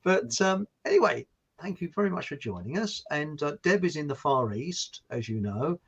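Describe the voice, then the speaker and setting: A man's voice: a little high, lively intonation, normal speed, breathy edge, lo-fi sound. A man from Hertfordshire with an estuary English accent, hosting a casual chat show and rambling cheerfully. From Hertfordshire, England. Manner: chatty, rambling, laughing often. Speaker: host.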